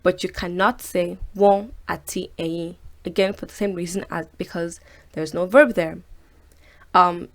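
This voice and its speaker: A woman hosting a casual video language lesson. She slows down to say each word twice so learners can copy it, then chats loosely with fillers between examples. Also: lowish voice, fairly even intonation. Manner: slows down and repeats each word to model pronunciation; chatty, with fillers. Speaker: language teacher and host.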